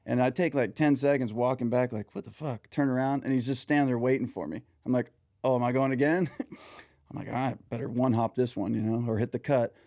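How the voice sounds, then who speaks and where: Chatty male host, dark dry voice. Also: medium pitch, fairly even intonation, brisk, no echo. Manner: chatty, swearing anecdotes. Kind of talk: casual interview chat.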